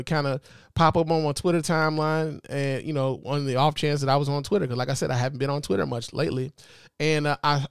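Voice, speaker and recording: A man in his forties hosting a show, giving animated, joking commentary full of profanity. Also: on the high side, smooth, no room sound, studio quality. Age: 40s. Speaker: host. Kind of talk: casual commentary.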